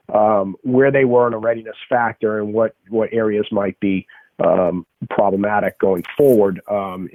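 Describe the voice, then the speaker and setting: A man's voice: fairly low pitch, no echo. A man with a Boston accent, a strength coach explaining his methods in an emphatic podcast interview, restarting often. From Boston area. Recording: tinny phone-like remote call.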